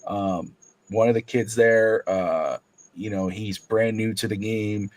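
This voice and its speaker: A man co-hosting a sports talk stream, telling a long story about coaching kids' basketball in casual chat, jumping high in pitch when acting out quotes. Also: steady tone, slow pace, rough recording. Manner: rambling storyteller, acts out quotes with big pitch jumps. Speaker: podcast co-host and youth basketball coach.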